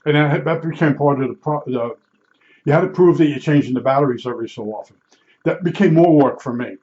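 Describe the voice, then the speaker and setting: An older man from Newark, New Jersey, a vlogger, rambles bluntly through stories from his working life as a meter calibrator, restarting often and tossing in salty asides. His voice is fairly high, fairly quick, and a little mellow, and the recording sounds muffled.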